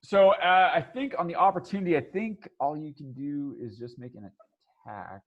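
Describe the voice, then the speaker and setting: Guy dm-ing a dnd game, kinda high voice, keeps restarting sentences and laughing. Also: moderate pace, lo-fi sound. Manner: rambling, restarts often, laughs a lot. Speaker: dungeon master. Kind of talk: running a tabletop game.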